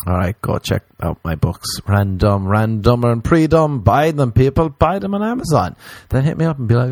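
A man's voice: mid-range voice, expressive, moderate pace, hardly any pauses, a little mellow, no echo. A man hosting a comedy podcast, rambling through a silly monologue and slipping into playful voices.

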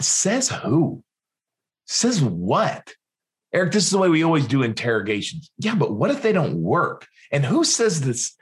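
Man telling a story with lively pitch. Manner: acts out dialogue in other voices; rambling, with frequent restarts. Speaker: podcast guest. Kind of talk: animated storytelling.

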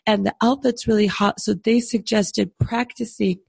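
Sick woman with a gravelly, husky voice. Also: fairly high pitch, fairly even intonation, moderate pace, darkish tone, no room sound. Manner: chatty, self-deprecating, laughs through her words. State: sick with a cold, congested. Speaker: podcast co-host. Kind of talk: casual chat.

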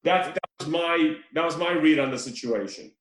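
A man with a fairly high voice tells a movie scene with lively, joking energy. He acts out bits of the characters. The room around him sounds echoey. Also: normal speed. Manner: animated storytelling with laughs and mimicked quotes. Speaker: podcast co-host. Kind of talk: casual chat recapping a movie.

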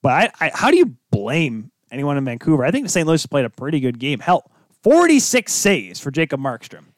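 This man hosts a hockey chat in a slightly raised voice that swings up and down a lot. He teases his co-host and goes loud and playful at times. The sound is dry and close, with no room to speak of. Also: fairly high pitch, fairly quick, no echo. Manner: animated, teasing, breaks into shouted bits. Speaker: podcast host. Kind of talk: casual sports chat.

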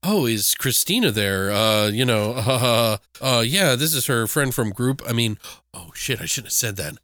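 A man's voice: medium pitch, sing-song, a little slow, a bit bright, smooth, no room sound, clean studio sound. A man acting out a masked male killer who poses as a shy, sheepish caller on the phone. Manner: hesitant, sheepish, fumbling.

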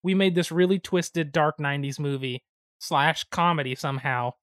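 Man, podcast co-host, casual chat, quick animated storytelling, dry recording. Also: fairly high pitch, dry recording. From United States. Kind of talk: casual chat about board games.

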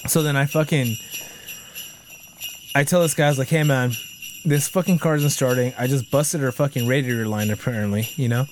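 Man, casual profane storyteller, animated, plays all the parts himself; noisy track. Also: mid-range voice, brisk. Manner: animated, swears constantly, acts out quoted people. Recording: noisy background hiss.

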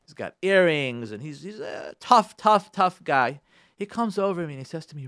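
A rabbi holding forth on his radio show, his pitch swooping up and down with lively energy. He sits a little high for a man and hammers his points by repeating phrases. The sound is close and dry. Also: normal speed, no echo. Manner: emphatic, repeats key phrases for stress. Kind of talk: radio talk on Torah and marriage.

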